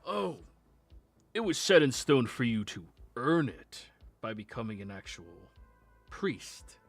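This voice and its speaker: A man voicing a sly, scheming male combat trainer who mocks and bribes in a low, half-whispered tone. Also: very animated, slow pace, soft background music, heavily acted.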